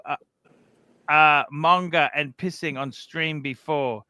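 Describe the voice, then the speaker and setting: A man's voice: a little high, fairly even intonation, slow pace, bright, forceful tone, smooth, no room sound. A man hosting a casual livestream, animatedly retelling a feud. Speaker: livestream host.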